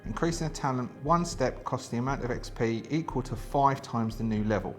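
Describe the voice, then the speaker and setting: A man of ordinary pitch hosts a solo tabletop game and talks it through casually. He reads the rules aloud and weighs his choices as he goes, restarting often. Faint music plays underneath. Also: a little fast. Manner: chatty, thinks aloud with many fillers and restarts.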